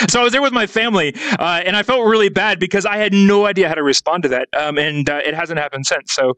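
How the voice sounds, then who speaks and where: A man with a high, bright speaking voice, chatting casually on a talk show. He tells a story with lively energy and acts out the other people's lines. The sound is dry and close, with no room around it. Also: quick pace, dry recording, rough recording. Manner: animated storyteller, playfully acts out quotes. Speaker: guest YouTuber. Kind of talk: casual chat.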